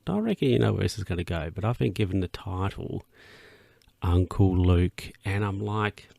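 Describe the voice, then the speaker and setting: Yawning occasionally, a young man hosts a solo podcast, rambling casually, interrupting himself, and chuckling, sometimes putting on a high voice for his own thoughts. His low, gravelly voice with fry is a little mellow, with lively intonation at normal speed. The room sounds dry and close, with no room sound.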